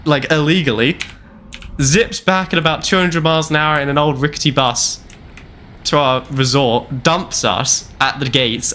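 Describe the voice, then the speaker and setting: Bright and forceful at a medium pitch, a young man's voice carries a long, rambling travel story told casually while he streams a game, peppered with wry repeats. A little hiss or hum sits in the background.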